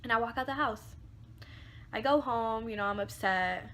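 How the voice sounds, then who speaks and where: A woman's voice: on the high side, normal speed, fairly bright tone, a little hiss or hum. A young woman telling a personal story to her viewers in a chatty way, full of fillers and casual swearing. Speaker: beauty vlogger. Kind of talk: storytime vlog.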